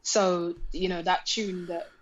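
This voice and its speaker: A British woman who is a music artist, recounting her story in relaxed casual chat and often laughing. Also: fairly low pitch, slow. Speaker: guest, music artist and manager. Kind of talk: casual conversational interview. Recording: slightly dull lo-fi sound.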